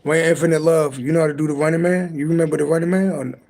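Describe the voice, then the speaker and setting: Raspy, profane man streaming a tarot reading. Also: a little high, steady tone, racing, darkish tone. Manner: loose, profane, rambling and joking. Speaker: tarot reader on a live stream. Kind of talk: casual late-night livestream chat and tarot reading. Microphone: livestream mic.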